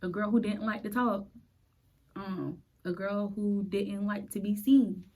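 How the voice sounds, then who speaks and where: A woman in her late twenties hosting a podcast. She tells her personal faith story in an earnest, halting way and is close to tears. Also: medium pitch, steady tone, darkish tone, poor audio. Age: late 20s. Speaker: podcast host.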